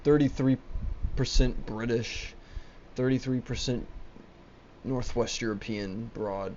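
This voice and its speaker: A man's voice: mid-range voice, steady tone, takes it slowly, a little mellow, dull audio, slight background noise. A young man ranting alone to a webcam, agitated, swearing often and stumbling over his words. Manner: agitated, swearing, restarts and stammers. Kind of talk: rambling solo rant to camera. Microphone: laptop webcam mic.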